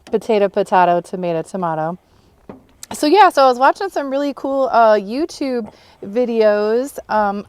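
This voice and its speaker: A woman co-hosting a car restoration video, chatting casually, excited and laughing often. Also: a little high, clear, resonant tone, dry recording. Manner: bubbly and excited, laughs often, rambling explanations. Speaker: co-host and producer of a car restoration channel. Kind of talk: casual on-camera chat.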